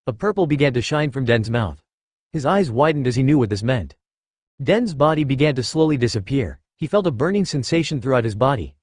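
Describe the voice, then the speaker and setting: A man narrating a fan-written story aloud in a steady, even way. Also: mid-range voice, a little fast, dry recording, clean studio sound. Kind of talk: reading fan fiction aloud.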